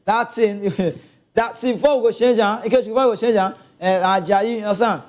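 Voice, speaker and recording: A man with a Nigerian Pidgin accent giving a casual, animated football rant, laughing and talking straight to his viewers. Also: high-pitched, fairly quick. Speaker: football commentator.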